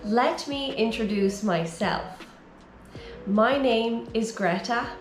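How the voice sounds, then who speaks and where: A woman from Ireland with an Irish accent, giving a slow, careful English lesson for beginners and encouraging her learners. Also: a little high, echoey room, slight background noise. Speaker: English teacher.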